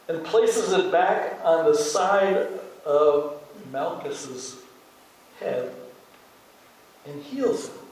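Older Midwestern pastor in echoey hall. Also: male voice, fairly high pitch, recorded from a distance. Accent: Midwestern American. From American Midwest. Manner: conversational storytelling, acting out quoted lines. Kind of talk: sermon.

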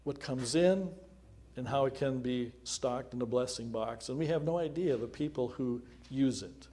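Casting note: male pastor, mid-pitched, earnest and prayerful, talking plainly to a congregation. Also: normal speed. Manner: earnest, prayerful, varying loudness. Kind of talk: spoken prayer in a church service.

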